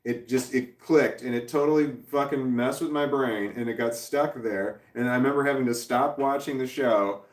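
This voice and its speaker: A man's voice: medium pitch, normal speed, hardly any pauses. Rambling man in his forties, roomy distant sound. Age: 40s. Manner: rambling, swears freely, chuckles often. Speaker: livestreamer reading chat. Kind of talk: casual livestream chat.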